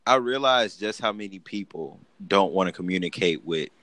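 A man co-hosting a casual podcast, telling stories in an animated way and often breaking into laughter. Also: low-pitched, moderate pace, no room sound. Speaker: podcast co-host.

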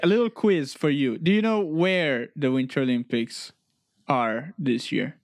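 A man co-hosting a podcast in casual banter, playful and excitable, often repeating his words. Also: on the high side, a little slow, no echo, studio quality. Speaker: podcast co-host.

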